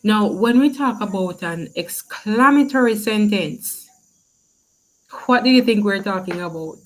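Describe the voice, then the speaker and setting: A woman's voice: medium pitch, animated, rough recording. A woman teaching a grammar lesson, asking questions and praising the class often. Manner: slow, encouraging, asks questions and praises.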